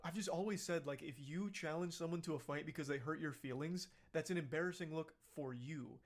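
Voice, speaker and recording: A man's voice: on the high side, a little fast. A man giving sarcastic, mocking reaction commentary on a video clip. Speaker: commentary YouTuber.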